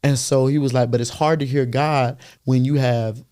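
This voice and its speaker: A young man, a youth pastor and worship leader, telling his faith testimony in a casual podcast conversation, earnest and animated, acting out what others said to him and often repeating his words as he goes. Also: medium pitch, normal speed, clean tone.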